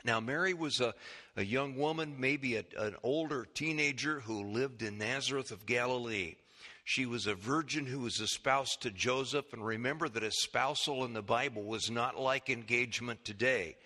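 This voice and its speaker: A man preaching a sermon, reading scripture in a slow, measured way and then teaching the congregation with questions. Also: mid-range voice, sharp tone. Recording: long echo of a large hall.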